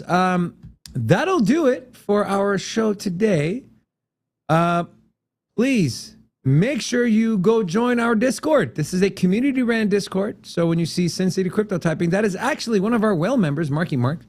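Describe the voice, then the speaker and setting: A man's voice: high voice, expressive, normal speed, a little mellow. A man hosting a casual talk show, rambling through a sign-off with plenty of fillers. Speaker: show host. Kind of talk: casual podcast chat.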